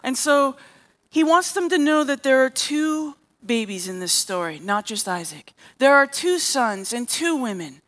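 Woman preacher with a high voice, delivers a sermon by retelling stories and voicing the characters. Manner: storytelling, acting out quoted characters. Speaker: preacher and therapist.

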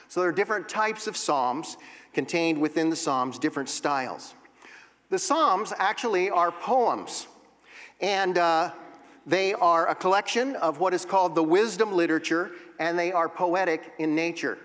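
A man's voice: high voice, a little slow, a bit bright. A man teaching a Bible class, explaining poetry step by step and reading verses aloud. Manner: explanatory, reads verses aloud and taps out rhythms. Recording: long reverb of a hall.

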